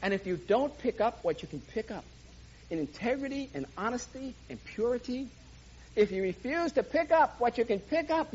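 A man preaching a sermon, telling a humorous personal story in a lively way and voicing sound effects himself. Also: extremely high pitch, dull audio, slight background noise.

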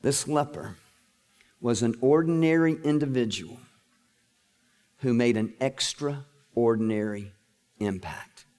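A middle-aged male preacher telling a Bible story in an animated, lively way during a sermon. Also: mid-range voice, takes it slowly, long pauses. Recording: echoey hall.

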